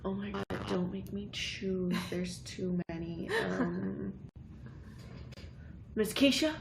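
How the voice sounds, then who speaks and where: A woman's voice: medium pitch, flat delivery, slow, gravelly, noisy background. A woman co-hosting a casual livestream, chatting and teasing playfully. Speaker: livestream co-host. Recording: echoey room.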